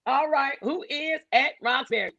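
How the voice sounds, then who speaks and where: Animated woman hosting a livestream. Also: high-pitched, normal speed, gravelly, highs cut off. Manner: animated, playful, preachy. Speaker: livestream host. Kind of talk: casual livestream chat.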